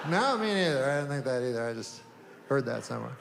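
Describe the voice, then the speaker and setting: An older man doing a deadpan stand-up set, rambling through long setups with drawn-out pauses and sudden asides. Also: medium pitch, gravelly, in a large hall, background noise. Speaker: stand-up comedian.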